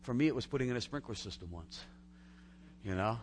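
Man preaching a sermon, loud then hushed. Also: medium pitch, big pitch swings, normal speed, slight background noise. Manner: conversational, swinging between loud emphatic build-ups and hushed lines. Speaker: pastor.

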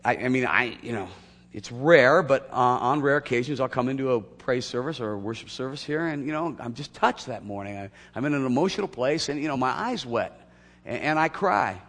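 A man preaching in a church sanctuary with a slightly husky voice. His pitch leaps and falls as he moves from loud emphatic peaks to hushed asides. A long reverb trails behind his words. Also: animated, brisk. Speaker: pastor. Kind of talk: sermon.

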